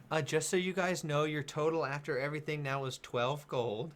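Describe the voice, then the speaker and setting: Brief: male game master, bright forceful tone, playful narration. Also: fairly high pitch.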